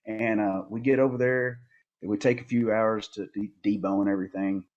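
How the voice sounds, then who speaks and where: A man, a podcast guest and hunting outfitter, telling stories in a lively, animated way and often repeating words. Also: lowish voice, moderate pace, dull audio. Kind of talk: casual storytelling conversation.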